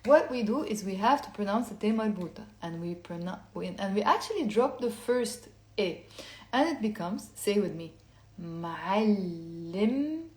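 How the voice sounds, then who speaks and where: A woman teaching a language lesson, explaining step by step and repeating words slowly for learners to say along. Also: medium pitch, lively intonation, roomy sound. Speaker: Lebanese Arabic teacher.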